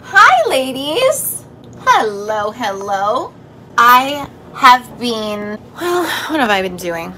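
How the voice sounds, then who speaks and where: A woman's voice: fairly high pitch, big pitch swings, drawn-out words, bright, forceful tone, faint music behind. Upbeat woman hosting a motivational podcast. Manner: upbeat, chatty and encouraging. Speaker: podcast host. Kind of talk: solo motivational podcast talk.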